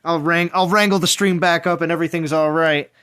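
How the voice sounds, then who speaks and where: A man's voice: a little high, fairly even intonation, fairly quick, bright, forceful tone, smooth. An American man hosting a game stream, chatting casually, reading viewer comments aloud and laughing often. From United States. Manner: laughing, reads chat aloud. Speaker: streamer host.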